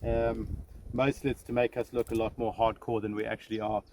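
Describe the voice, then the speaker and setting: A man's voice: lowish voice, fairly quick. A man working as a safari ranger, talking casually and chattily as he guides viewers through the bush from a vehicle. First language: English. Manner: relaxed, chatty, self-deprecating with frequent fillers. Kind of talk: casual guided nature talk. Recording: noisy outdoor field recording. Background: steady outdoor noise.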